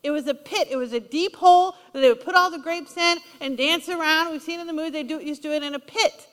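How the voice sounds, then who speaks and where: A woman delivers a sermon in a church, talking in a conversational, emphatic way and asking her listeners questions. Her voice is high and bright. It rings with the long reverb of a large hall. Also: quick pace. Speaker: preacher.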